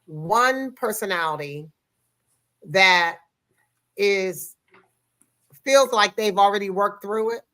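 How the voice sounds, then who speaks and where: A woman's voice: mid-range voice, takes it slowly, long pauses, sharp tone. A woman hosting a marriage talk, who also coaches couples, affirming her guests with frequent interjections. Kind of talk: hosted conversation.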